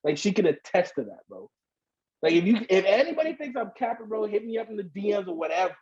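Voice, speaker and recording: A man who is a podcast guest, telling a story in casual chat, animated and slangy and swearing a lot. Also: high-pitched, quick pace, breathy edge, lo-fi sound.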